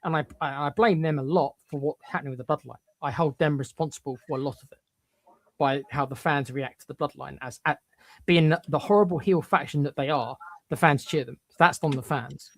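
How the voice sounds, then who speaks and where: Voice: mid-range voice, brisk. A podcast co-host giving blunt, emphatic opinions, often stumbling into repeated restarts.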